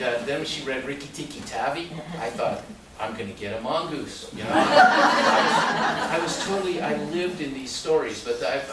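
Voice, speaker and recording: A man born in Mexico and raised in San Diego, giving a storytelling talk as an author at a library and often laughing and jumping up in pitch. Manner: lively, laughing storyteller with sudden jumps up in pitch and loudness. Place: public library event room. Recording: very echoey room, distant mic, noisy.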